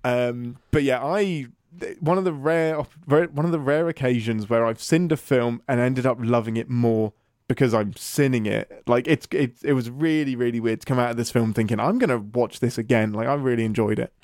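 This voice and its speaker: A man's voice: mid-range voice, moderate pace, darkish tone, no room sound. Chatty Englishman with a dry sound. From England. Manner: chatty, enthusiastic, laughs often. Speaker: podcast co-host and writer. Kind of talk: casual chat.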